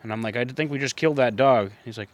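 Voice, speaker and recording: A man's voice: mid-range voice, fast, no echo. A young man telling a story in a casual chat, laid-back and full of swearing.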